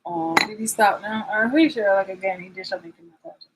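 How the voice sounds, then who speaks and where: A woman's voice: medium pitch, fast talker, slightly rough, low-quality recording. A woman vlogger in a rambling, sarcastic rant, swearing and restarting her sentences as she calls people out. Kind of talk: confrontational vlog rant.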